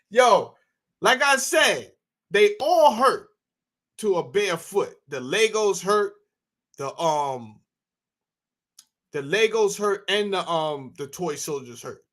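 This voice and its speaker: A man in his thirties talks at an unhurried pace in a bright, slightly high voice that swings widely in pitch. He hosts a casual chat, spinning loose stories and tossing questions back to his listeners. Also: animated. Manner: loose storytelling with audience banter. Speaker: host.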